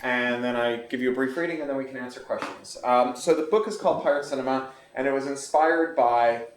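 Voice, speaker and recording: A man in his forties talks about his novel at a bookstore, fast and articulate. He sits at a middle pitch and races through his explanations. The recording is roomy, with his voice caught from a distance. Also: slight background noise. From Canada. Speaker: author. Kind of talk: book talk at a bookstore event. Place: bookstore event room. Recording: echoey room recorded from far off.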